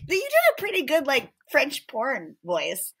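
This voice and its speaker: Husky, high-voiced woman podcast co-host. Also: very animated, normal speed, fairly bright tone. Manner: chatty, jokey, stumbles over names. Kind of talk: casual chat.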